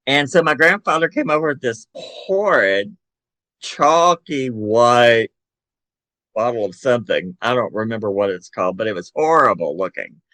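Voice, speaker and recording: An older man with a Southern American accent, telling animated family stories as a podcast guest and acting out voices. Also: medium pitch, no echo. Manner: animated storyteller who acts out relatives' voices. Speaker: podcast guest, psychic medium and author. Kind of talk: casual storytelling interview.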